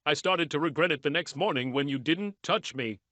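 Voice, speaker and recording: A woman's voice: deep voice, fairly quick, a bit bright, no room sound. A man reading the lines of a remorseful unfaithful wife, speaking in a pleading, apologetic way.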